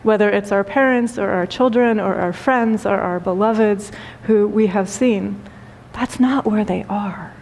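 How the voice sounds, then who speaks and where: A woman spiritual teacher giving a talk and telling a story, speaking gently with repeated phrases and frequent laughter. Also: medium pitch, measured pace, gravelly. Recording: long hall reverb.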